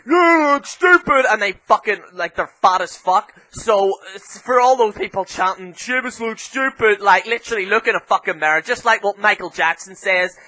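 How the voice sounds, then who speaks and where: An Irish man reviewing a wrestling show in a heated, foul-mouthed rant that flares into shouting. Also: high voice, normal speed, few pauses, poor audio. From Ireland. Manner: heavy swearing, heated ranting.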